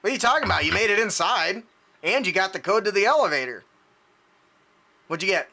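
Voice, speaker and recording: A man's voice: high-pitched, lively intonation, brisk, vocal fry, pushed and bright. A man narrating a tabletop game as game master, loose and laughing, with plenty of fillers.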